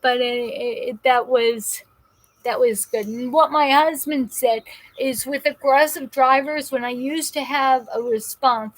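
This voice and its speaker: A talkative woman hosts a live show, reading viewer comments aloud and wandering through her stories. Her voice sits a little high, and she often restarts her sentences. She is speaking through pain. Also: measured pace, no room sound, poor audio. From New Jersey. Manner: rambling and animated, with frequent restarts. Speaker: host of a live call-in show.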